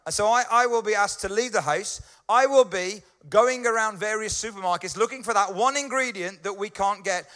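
Man, pastor, conversational sermon, keeps checking in with listeners, bright tone. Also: sits high, moderate pace, hardly any pauses.

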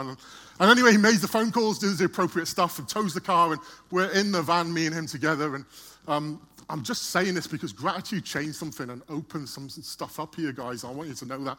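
A man tells a story from the front of a church, chatting easily and stumbling over repeated words as he goes. His voice sits a little high and rings bright and forceful. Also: a little fast. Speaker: church speaker. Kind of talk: storytelling sermon.

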